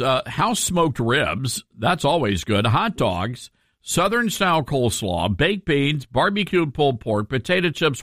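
Animated, sarcastic male talk radio host. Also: on the high side, no echo, studio quality. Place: radio studio.

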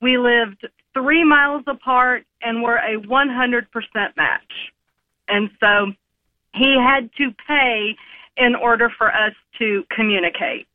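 A woman's voice: on the high side, takes it slowly, no echo. A woman in her fifties calling into a radio show and telling a story in a plain manner. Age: 50s. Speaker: caller. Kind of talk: phone-in call. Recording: tinny phone line.

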